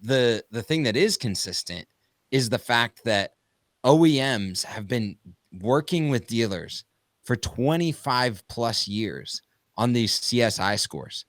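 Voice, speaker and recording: A man from the United States co-hosting a panel talk, animated and talking in long run-on thoughts. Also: medium pitch, takes it slowly, no room sound, studio quality. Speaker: podcast co-host. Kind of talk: conversational panel discussion.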